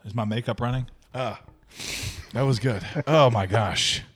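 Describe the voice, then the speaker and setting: A man co-hosting a casual movie review podcast, excitable and full of fillers and laughs. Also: medium pitch, measured pace, husky. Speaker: podcast co-host.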